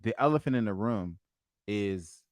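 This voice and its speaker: A man's voice: on the low side, lively intonation, measured pace, no echo. A young man co-hosting a casual podcast chat, earnest, often restarting and repeating himself as he presses his point. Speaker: co-host. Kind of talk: casual podcast chat reviewing a reality show.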